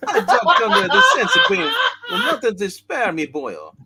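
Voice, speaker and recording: A man's voice: extremely high pitch, huge pitch swings, normal speed, noisy background, full character voice. A man voicing a swaggering, agile male hero with a put-on Irish accent in a comic book read-aloud, joking and breaking character with asides. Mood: playful.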